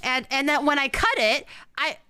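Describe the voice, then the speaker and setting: A young woman streamer chatting casually while cooking, telling animated stories and acting out what others said. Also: high voice, moderate pace, no echo. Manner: animated storyteller, acts out quotes.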